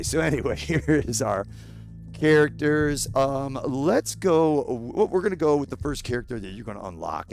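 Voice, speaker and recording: A man with a sore throat and a gravelly voice, walking through a video game casually and bluntly, explaining each step. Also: mid-range voice, a little mellow. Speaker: gaming YouTuber. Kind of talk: casual gameplay walkthrough.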